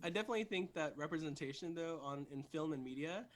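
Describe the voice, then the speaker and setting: A man speaking as a panelist in a casual live chat, enthusiastic and quick to giggle. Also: on the high side.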